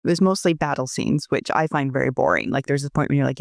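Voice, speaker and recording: Co-host guy, mid pitch, blunt and wry, dry close sound. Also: fast talker, vocal fry, hardly any pauses, no room sound. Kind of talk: casual podcast discussion.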